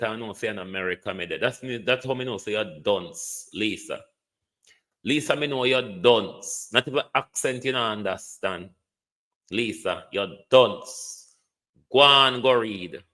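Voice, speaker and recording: A man's voice: lowish voice, measured pace, sharp tone. A man with a Jamaican accent giving a mocking, scolding political rant on a livestream, sliding between standard English and patois. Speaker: political commentator.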